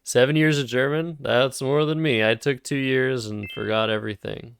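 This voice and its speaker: A man's voice: mid-range voice, steady tone, normal speed, creaky, few pauses, clean tone, no room sound. A man casually thinking aloud while playing word games on a live stream. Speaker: streamer and Scrabble player.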